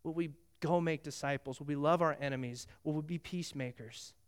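A middle-aged male pastor delivers a sermon in a notably high voice. He tells the story animatedly and acts out the dialogue between the biblical characters. He moves between casual asides and earnest appeals to the listener. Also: brisk, clean tone.

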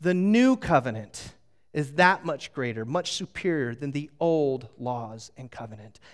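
A middle-aged man preaching a sermon as a pastor, animated and storytelling, drawing the audience into a little game. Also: mid-range voice, a little slow. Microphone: handheld microphone.

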